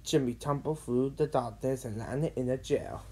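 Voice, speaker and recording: A woman narrating a children's storybook read-along with expressive, dramatic delivery. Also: very deep voice, moderate pace, breathy edge.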